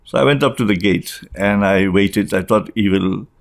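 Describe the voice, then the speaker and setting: A man's voice: fairly low pitch, moderate pace, vocal fry. An older man with an Indian English accent, telling a personal story in an interview and animatedly acting out the remembered dialogue. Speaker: guest.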